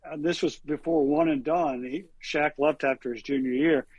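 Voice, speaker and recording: Husky man rattling off sports stats. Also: on the high side, fairly even intonation, normal speed, darkish tone, dry recording, highs cut off. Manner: rambling, stat-heavy storytelling with frequent fillers. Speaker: sports reporter and co-host. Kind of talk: casual sports talk with anecdotes.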